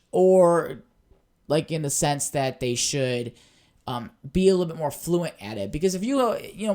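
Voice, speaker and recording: A man talks alone on his own podcast, drifting from one thought to the next. He swears freely and quickly gets fired up and exasperated. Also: mid-range voice. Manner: rambling, profane, easily worked up. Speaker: podcast host. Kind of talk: casual solo podcast rambling.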